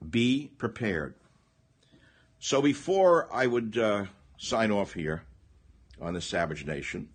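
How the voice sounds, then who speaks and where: An older man with a low voice rants through a political monologue. He swings from loud indignant outbursts down to low, muttered asides. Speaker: radio talk host. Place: small cottage by the bay.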